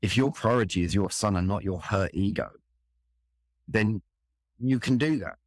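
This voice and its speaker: A man's voice: on the low side, moderate pace, no echo, studio quality. A middle-aged man with a London accent, telling a personal story in an earnest, reflective way. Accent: London English. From England. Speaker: interview guest, firefighter.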